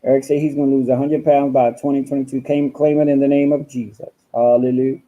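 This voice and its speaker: A man ranting casually on a livestream from home, sassy and full of profanity, calling everyone honey and girl. His voice is very dark and mellow, sitting at a middling pitch. He sounds like he is talking into a computer mic. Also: little pitch movement, fast, rough recording. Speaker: livestream host.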